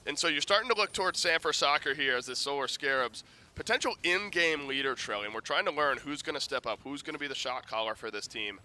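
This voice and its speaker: A man's voice: a little high, fast, pushed and bright. A man analyzing an esports match at the desk, talking conversationally with frequent restarts. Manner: conversational, many restarts and fillers.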